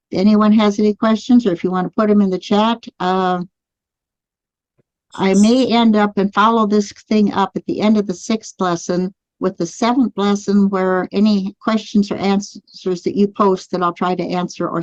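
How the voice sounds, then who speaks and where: A woman's voice: mid-range voice, steady tone, normal speed, darkish tone, no echo, highs cut off. A woman teaching a live online class, guiding listeners through spoken affirmations. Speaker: energy healing teacher. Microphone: computer mic on a live video stream.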